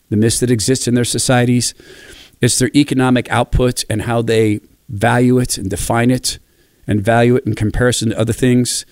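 A middle-aged man from Spokane in a reflective monologue, telling animated stories and acting out quoted voices. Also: medium pitch, dry recording, studio quality. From Spokane, Washington, USA.

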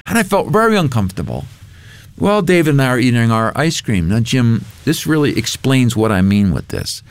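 A man being interviewed as a guest author, telling a story with lively, acted-out dialogue. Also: medium pitch, gravelly, no echo. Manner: lively storyteller who acts out quoted dialogue.

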